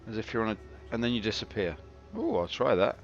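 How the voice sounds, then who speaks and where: A fast-talking streamer with a fairly low voice swoops wildly in pitch as he narrates his game live. He's chatty, wry, and self-mocking, and the slightly dull stream audio carries faint game music.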